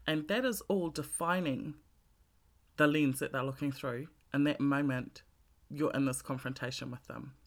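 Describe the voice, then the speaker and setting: Frank, swearing woman talking off the cuff. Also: low voice. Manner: candid and swearing freely, with repeated restarts. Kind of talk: casual monologue.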